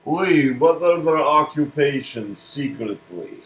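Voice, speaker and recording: A man pitching a cartoon series in casual comedic chat, rambling and restarting words. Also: expressive, slow, poor audio. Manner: rambling, restarts words, laughs at own jokes.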